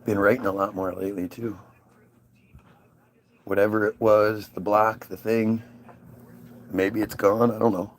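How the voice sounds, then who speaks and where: A man's voice: fairly low pitch, level tone, a little slow, long pauses, a little hiss or hum. A man hosting his own livestream, musing aloud in a casual, rambling and sarcastic way from home. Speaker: livestream host.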